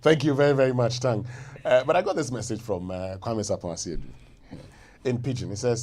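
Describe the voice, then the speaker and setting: A man's voice: mid-range voice, fairly quick. Ghanaian guy hosting a radio call-in, laid back, chuckles a lot, bit of hiss behind him. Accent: Ghanaian English. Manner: relaxed, chuckling, reads listener messages. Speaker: radio sports show host. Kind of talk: radio phone-in chat. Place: radio studio.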